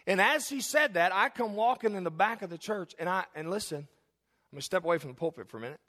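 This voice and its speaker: A man in his forties preaches a lively, jokey sermon, acting out the people in his stories. His voice sits high and ringing, and long hall reverb trails each phrase. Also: fast. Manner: animated, jokey, acts out characters in anecdotes. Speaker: pastor. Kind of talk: sermon with storytelling. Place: church sanctuary.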